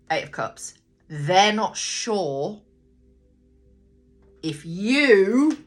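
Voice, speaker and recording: A woman giving a casual tarot card reading, thinking aloud, talking straight to viewers and swearing freely. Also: sits low. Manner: chatty, blunt, swears freely. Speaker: tarot reader.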